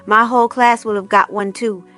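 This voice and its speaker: A woman's voice: medium pitch, steady tone, moderate pace, a bit bright, natural voice. A woman doing an exasperated teenage girl. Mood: evasive. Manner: patient but exasperated.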